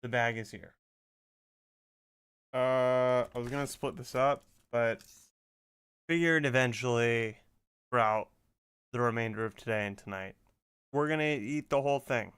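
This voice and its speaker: A man's voice: medium pitch, a little slow, long pauses, fairly bright tone, smooth. A young man streaming games at home into a desk microphone, chatting casually and swearing often. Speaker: gaming streamer. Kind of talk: casual gameplay chat.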